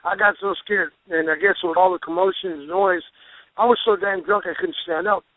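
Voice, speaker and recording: A man who is a pro wrestler, a guest telling rambling, animated stories with restarts and folksy exclamations. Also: high-pitched, fairly quick, no echo. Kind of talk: storytelling interview. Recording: phone line, dry.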